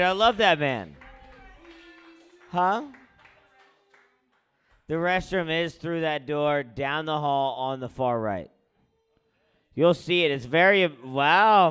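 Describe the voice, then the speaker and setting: A man hosting a comedy show, teasing the crowd in loud, profane stand-up crowd work on a club stage. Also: a little high, smooth.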